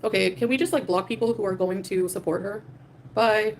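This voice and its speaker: A young adult woman livestreaming from home, ranting defiantly and swearing freely at her chat. Her pitch sits in an ordinary middle range, and her sentences are scattered with fillers and restarts. A faint hiss of background noise sits under her voice. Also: steady tone, brisk. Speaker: livestream host. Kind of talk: livestream rant reading super chats.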